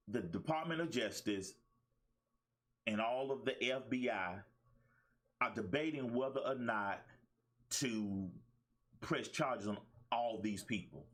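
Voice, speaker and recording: A man's voice: mid-range voice, fairly bright tone. A middle-aged man hosting a talk show as a life coach, delivering a fired-up, preachy monologue with emphatic repetition and colloquial speech. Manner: preachy, emphatic, repeats phrases.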